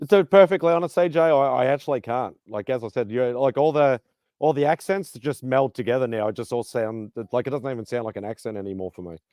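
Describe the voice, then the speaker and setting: A man hosting a casual online chat show, rambling and swearing casually between quick laughs. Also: medium pitch, a little mellow, no echo, clean studio sound. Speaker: podcast host.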